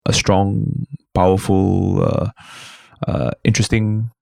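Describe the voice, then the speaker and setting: Male comedian, 30s, Singaporean English, deep and gravelly, lively anecdotal delivery. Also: takes it slowly, no room sound, clean studio sound. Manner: animated storyteller, slips into put-on voices. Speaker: guest comedian. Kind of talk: casual podcast chat.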